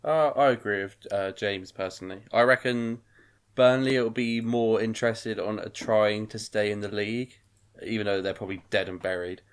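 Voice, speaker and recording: A relaxed man with a fairly low voice, talking loosely as a podcast co-host. His tone is easy-going and he laughs along with the others. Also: moderate pace, clear, resonant tone. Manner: laid-back, laughs along, uses "reckon". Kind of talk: casual chat.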